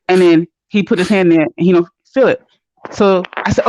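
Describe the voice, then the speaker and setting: A woman's voice: fast, darkish tone, no room sound. A woman joining a casual chat and telling a personal story with emotion. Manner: emotive, high-pitched storytelling. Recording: muffled call line, breaking up.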